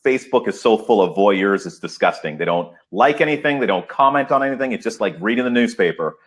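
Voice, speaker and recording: A man speaking as a podcast guest, excited and emphatic, laughing often as he talks. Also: fairly low pitch, quick pace. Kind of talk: enthusiastic podcast interview.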